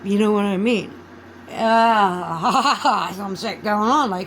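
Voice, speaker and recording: A woman's voice: medium pitch, slow, a bit bright, slight background noise, rough recording. A woman vlogging in a casual, rambling chat. She swears freely and loses her train of thought.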